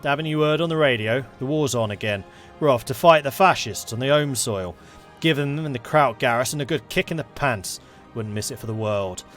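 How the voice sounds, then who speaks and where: A man's voice: medium pitch, a little fast, fairly bright tone, soft background music, lightly acted. A man with a South London accent playing a gung-ho older English army veteran, with jolly, bluff bravado.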